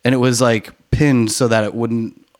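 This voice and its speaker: A man's voice: mid-range voice, flat delivery, normal speed. A man co-hosting a casual chat podcast, easygoing and agreeable, talking with many fillers and restarts.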